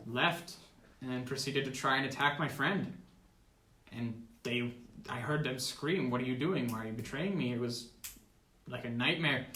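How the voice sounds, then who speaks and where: A man's voice: medium pitch, sharp tone, slight background noise. A teenage boy playing a tabletop role-playing game, telling his character's story in an earnest, dramatic way. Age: teens. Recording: echoey room.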